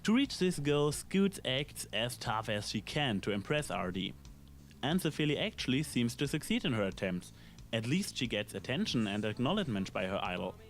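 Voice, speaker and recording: A man reading a scripted episode review in a measured, analytical way, with dry asides. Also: mid-range voice, very animated. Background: faint background music.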